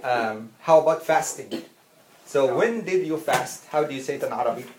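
A teacher leads a classroom lesson, going over each word patiently and saying it again and again. The voice sits at an ordinary middle pitch. It carries the echo of a roomy classroom with a faint hiss behind it. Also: expressive, darkish tone. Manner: patient, repeats words slowly and often. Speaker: Arabic teacher.

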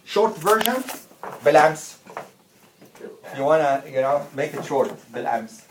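A teacher giving a classroom lesson to students, patiently repeating words slowly and often. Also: medium pitch, expressive. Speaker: Arabic teacher. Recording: roomy classroom with faint noise.

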